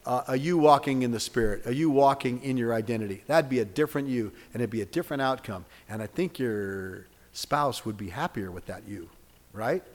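A male pastor delivers a sermon at a middle pitch, his voice trailing a long reverb through a church sanctuary. He talks conversationally, teasing listeners by name, then rises to fervent calls and prays. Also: a little fast. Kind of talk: sermon with closing prayer.

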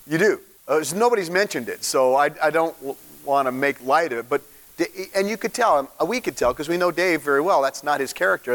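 A man, a pastor, giving an informal, conversational sermon and asking the congregation questions. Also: fairly high pitch. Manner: informal, animated, asks the room questions. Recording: long hall reverb.

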